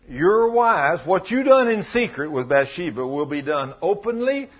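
A man preaching a sermon, retelling a story, dropping to low murmurs and rising to loud exclamations. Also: big pitch swings, measured pace. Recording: dull lo-fi recording.

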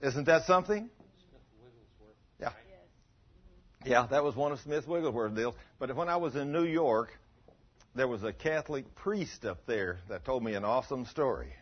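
Husky-voiced preacher, folksy sermon delivery, dull lo-fi recording. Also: male voice, medium pitch, animated, moderate pace, pauses often. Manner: folksy storytelling, swings between soft and loud.

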